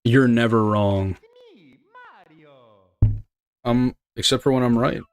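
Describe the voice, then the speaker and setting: A man's voice: mid-range voice, steady tone, slow pace, clean tone, soft background music. A young man chatting loosely with his live chat while speedrunning, rambling and joking and swearing casually as he reads messages. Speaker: streamer.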